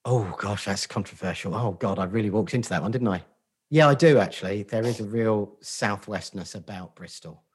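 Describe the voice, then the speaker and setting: A man's voice: fairly low pitch, moderate pace, husky. A man with a Portsmouth accent, a guest on a podcast, chatting casually with sweary, self-mocking banter. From Portsmouth, England. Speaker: guest, marketing agency founder.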